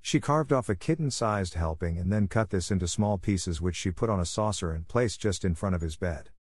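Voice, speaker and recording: A man narrating a ghost story in the first person, with a calm, measured storytelling manner. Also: deep voice, breathy edge, no echo, clean studio sound.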